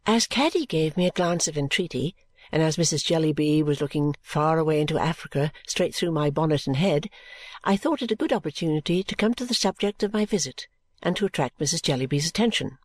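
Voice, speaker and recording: A woman's voice: low-pitched, animated, brisk, no echo. Woman reading a classic novel. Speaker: audiobook reader.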